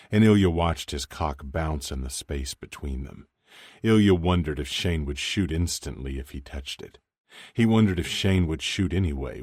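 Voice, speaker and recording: Very deep-voiced male audiobook narrator. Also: a little mellow, no room sound, clean studio sound. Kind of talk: scripted narration.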